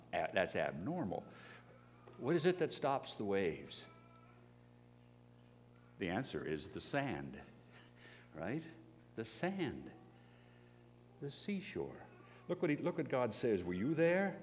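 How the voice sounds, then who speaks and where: Animated preacher in an echoing hall. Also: male voice, fairly low pitch, unhurried, pauses often. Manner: animated, rising to loud emphatic bursts when acting out pleas and scripture. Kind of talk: sermon. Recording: long hall reverb, faint hum.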